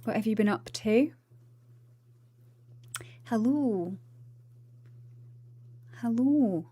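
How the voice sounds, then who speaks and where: A woman's voice: fairly high pitch, animated, extremely slow, warm tone, slightly rough. A woman chatting casually on a livestream, greeting viewers, giggling, tired after the gym. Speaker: streamer.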